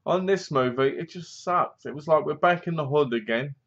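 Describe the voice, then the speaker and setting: A man's voice: a little high, moderate pace, fairly bright tone, highs cut off. A man giving a casual spoken review of a film, rambling through the plot with dry, mocking remarks and acting out bits of scenes. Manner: rambling, acts out bits of scenes in funny voices.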